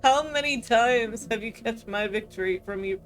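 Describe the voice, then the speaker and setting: A woman's voice: a little high, close to an everyday voice. Woman voicing a gloating tyrant king. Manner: slow, taunting, threatening. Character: cruel tyrant king, male, gloating and menacing. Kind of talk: reading a video game aloud with voices.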